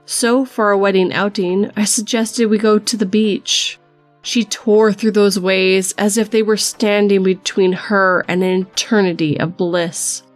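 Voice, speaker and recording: A woman reading a first-person horror story aloud in a measured storytelling manner. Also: mid-range voice, fairly even intonation, no echo, soft background music.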